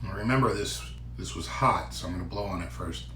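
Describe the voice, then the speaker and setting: A man casually tasting and reviewing a microwave meal on his own channel, chatty and given to loud exclamations. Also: deep voice, fairly quick, reverberant, slight background noise. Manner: chatty, exclaims loudly at hot bites. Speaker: food vlogger. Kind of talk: casual food review vlog.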